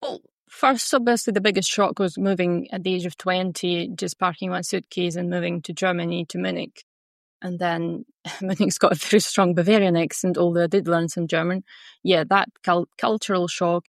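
Flat, creaky-voiced guest from Russia. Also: mid-range voice, normal speed, no echo, studio quality. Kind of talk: casual interview.

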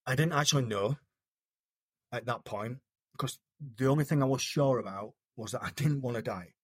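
A man from the United Kingdom speaks as an interview guest, recounting his story earnestly and haltingly, often restarting his sentences. His voice sits at an everyday middle pitch. The recording is dry and close. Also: husky, no echo. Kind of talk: personal story in conversation.

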